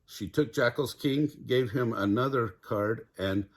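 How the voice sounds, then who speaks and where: A man's voice: mid-range voice, a little slow. Older grandfather reading a picture book. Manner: animated, chuckling storyteller. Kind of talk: children's read-aloud narration.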